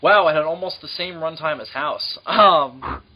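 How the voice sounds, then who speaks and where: A young man co-hosting a podcast, excitable and profane, with lots of fillers. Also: on the high side, measured pace. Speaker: podcast co-host. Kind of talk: casual chat. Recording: dull lo-fi podcast audio.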